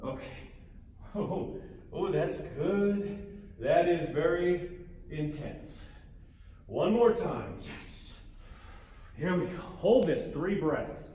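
Slow, playful male yoga instructor. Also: a little high, slight background noise. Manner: playful, joking asides between calm cues. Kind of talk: guided yoga class. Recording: echoey room with faint ambience.

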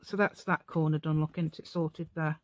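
A woman's voice: low voice, level tone, normal speed, noisy background. Chatty woman, rambling craft talk. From England. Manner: rambling, chatty, talks to herself while working. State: tired. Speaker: craft channel host. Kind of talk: casual crafting tutorial chat.

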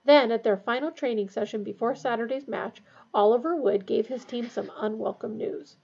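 Woman narrator reading aloud, higher pitch, gravelly, husky, dull lo-fi recording. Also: normal speed, warm tone. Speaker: reader.

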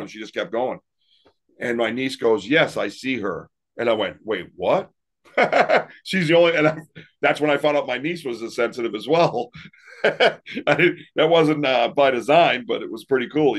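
A man's voice: mid-range voice, brisk. A man and paranormal investigator telling stories in a casual interview, rambling and laughing often. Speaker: paranormal investigator and podcast guest.

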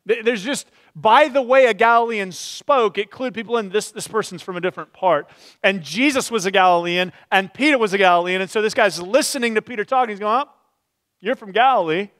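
High-voiced man preaching a sermon. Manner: expressive storytelling, drops to quiet slow tones at solemn moments. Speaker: pastor. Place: church.

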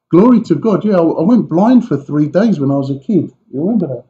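A pastor gives a conversational sermon to his congregation, his voice warm and mellow. He speaks with animated asides to the people in front of him. The church recording sounds muffled and lo-fi. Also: fairly high pitch, normal speed.

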